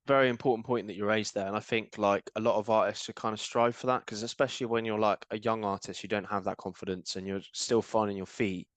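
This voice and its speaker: A man hosting a music podcast, relaxed and encouraging, with many "like" fillers. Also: fairly low pitch, fast, few pauses, no room sound. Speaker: podcast host. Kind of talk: casual podcast interview.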